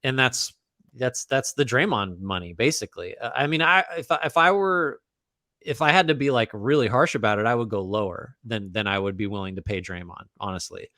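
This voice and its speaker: A man's voice: medium pitch, lively intonation, fairly quick, sharp tone, no room sound, clean studio sound. A man co-hosting a casual basketball podcast, thinking aloud with frequent restarts and fillers. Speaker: podcast co-host. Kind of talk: casual basketball analysis chat.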